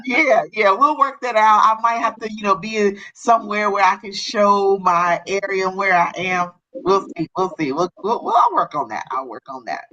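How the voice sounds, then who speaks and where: A woman hosts a casual live-streamed talk show, her voice bright and forward. She chats in an encouraging way and often repeats herself as she wraps up. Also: mid-range voice, expressive, normal speed, hardly any pauses, muffled recording.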